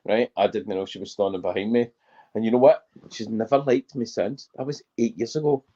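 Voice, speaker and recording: A man's voice: lowish voice, steady tone, brisk, warm tone, dull audio. A Scottish man joining a casual stream chat over a video call, telling anecdotes in a dry way and swearing casually.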